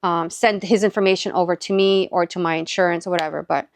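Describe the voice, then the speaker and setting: With a fairly low, steady voice and a fast delivery, a Southern California mother casually tells a personal story loaded with "likes" and quoted back-and-forth. She's a faith and encouragement vlogger, recorded with no echo.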